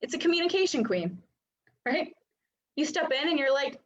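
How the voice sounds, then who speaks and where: Woman, high voice, casual coaching talk, filler likes, playful voices, dull lo-fi sound. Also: sing-song, normal speed. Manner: chatty, many filler likes, acts out little voices. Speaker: human design coach. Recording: dull lo-fi recording.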